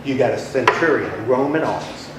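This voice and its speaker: A man's voice: mid-range voice, animated, quick pace. A man leading a Bible study class, asking his listeners questions and then answering them himself. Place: room with a small class. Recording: echoey room with faint noise.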